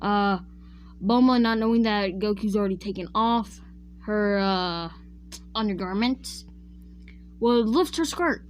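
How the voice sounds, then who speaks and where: A woman with a medium-pitched, darkish voice speaks over slight background noise. She casually retells a fan-made what-if story, rambling and frequently correcting herself mid-sentence. Chatty throughout, she addresses her viewers directly.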